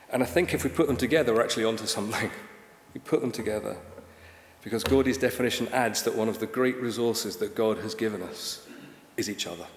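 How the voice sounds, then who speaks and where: Man preaching in an echoey hall. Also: mid-range voice. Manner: conversational, wry, rising to emphatic. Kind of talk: sermon. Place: church.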